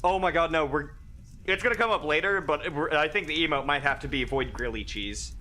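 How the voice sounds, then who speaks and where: A man streaming a visual novel live, reading along and reacting in an excitable, giggly way. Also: a little high, fairly quick, slight background noise. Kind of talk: live let's-play commentary.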